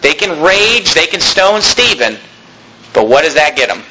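A man's voice: a little high, sing-song, measured pace, bright, forceful tone, slight background noise, rough recording. A man preaching a sermon as pastor, reading scripture aloud and rising sharply on his exhortations.

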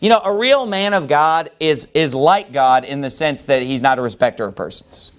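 A male pastor with a high-pitched voice works through a Bible passage verse by verse. He keeps his delivery casual and chatty, with frequent "you know"s between points. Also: animated, moderate pace, clear, resonant tone. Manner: conversational, with many filler "you know"s. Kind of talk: expository sermon on a Bible passage.

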